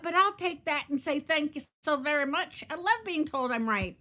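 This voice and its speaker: A fifty-something woman vlogging on a live stream greets her viewers by name, laughs often, and keeps the chat casual. Her high voice is animated, bright, and forceful, moving at normal speed.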